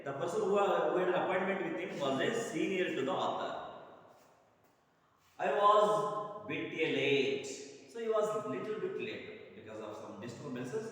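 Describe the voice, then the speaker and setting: Man, slightly high voice, teacher explaining a text, repeats and rephrases, long hall reverb. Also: a bit bright. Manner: repeats and paraphrases each line slowly, clears throat. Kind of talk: classroom lesson explanation. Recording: echoey hall, voice far from mic.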